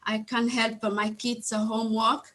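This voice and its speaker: Slow, halting woman speaking English as a learner. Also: fairly high pitch, level tone, fairly bright tone, rough recording. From Somalia or Italy. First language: Somali. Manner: halting, searching for words, apologetic. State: emotional. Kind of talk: online conference testimony. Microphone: video call.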